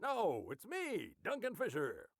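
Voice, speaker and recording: A man voicing a chaotic tabletop player who is goofy and defiant in an animated skit. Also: sits high, a little slow, dry recording, studio quality, exaggerated voice.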